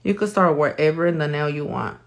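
A woman's voice: low voice, a little fast. A woman, chatting casually with viewers and swearing freely while she demonstrates her work on a live tutorial. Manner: casual, swears freely, switches between English and Spanish. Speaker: nail artist.

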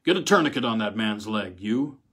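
A man's voice: lowish voice, expressive, normal speed, fairly bright tone, breathy edge. A man doing a barking old army colonel. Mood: commanding. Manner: barking, roaring orders.

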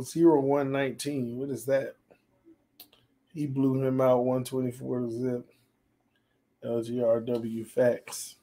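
A man with a strained, hoarse voice chats casually through a live gaming stream. He sits a bit high in his range and turns excitable and playfully trash-talking while reading comments aloud. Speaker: sports channel host. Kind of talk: casual livestream gaming chat.

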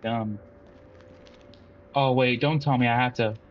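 A man's voice: mid-range voice, steady tone, a little slow, dull audio, slight background noise. A man commenting on his own horror game play, talking to himself, panicking and yelping at scares, and taunting enemies. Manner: jumpy, panicky yelps, self-talking, taunting. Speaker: gameplay commentator.

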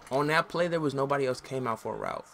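A man's voice: medium pitch, quick pace. A young man casually commenting on his football video game, talking in slang and cursing when plays go wrong. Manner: slangy, frustrated, yells and curses at the game. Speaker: gaming channel host.

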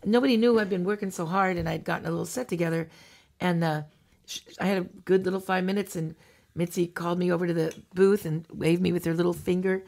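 A woman comedian telling animated stories in a casual chat, acting out the people she quotes. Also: fairly low pitch, fast, vocal fry. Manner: animated anecdotes with acted-out quotes. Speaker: guest comedian.

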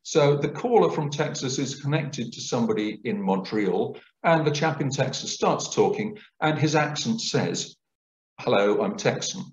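A man's voice: medium pitch, moderate pace, hardly any pauses. Guy giving a talk, voice rising and falling a lot, kinda muffled sound. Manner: clear explanatory lecturing, lively intonation. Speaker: guest lecturer. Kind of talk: public lecture. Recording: roomy, dull lecture recording.

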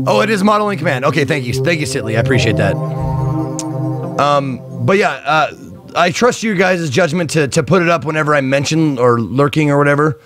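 A man's voice: on the high side, expressive, moderate pace, fairly bright tone, faint music behind. A man streaming a game live, rambling and chatty, thanking viewers and swearing freely. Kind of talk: casual live-stream chat.

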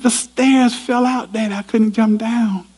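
Man doing a scared trapped boy: high, pleading, raspy edge. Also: steady tone, a little slow, a little mellow. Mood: frightened. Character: scared little boy trapped in a burning house.

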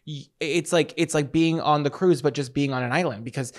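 A man co-hosting a podcast, telling a story in casual chat, animated and sassy, often jumping into loud quoted voices. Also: a little high, fairly quick. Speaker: podcast co-host.

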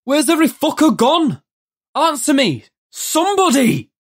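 A narrator voicing a stranded, foul-mouthed, hot-tempered man who shouts and curses. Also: very high voice, big pitch swings, measured pace, no echo, studio quality, pitched above the performer's own voice, exaggerated voice. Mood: bawling. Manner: shouting and cursing, short-fused.

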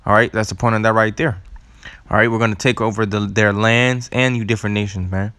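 A man teaching scripture, slowly and deliberately spelling out words and repeating them, with casual asides. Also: fairly low pitch, fairly even intonation, sharp tone, clean tone, no room sound. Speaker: religious teacher. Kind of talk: scripture teaching and word study.

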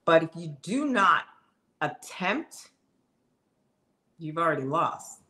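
A woman's voice: deep voice, very animated, slow, bright, forceful tone. A middle-aged woman coach giving an emphatic, conversational motivational talk straight to her viewers.

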